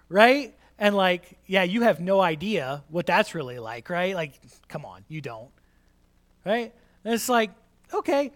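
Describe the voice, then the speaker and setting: Male pastor preaching to a congregation, animated and conversational, voice sits a bit high. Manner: animated, repeats lines for the congregation; conversational, many restarts and asides. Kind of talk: sermon.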